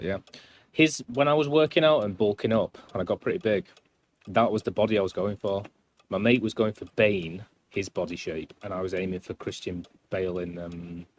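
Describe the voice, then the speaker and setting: Low-voiced, rambling streamer man. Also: slight background noise. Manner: rambling, chatty, self-deprecating. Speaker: live streamer. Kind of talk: casual gameplay commentary.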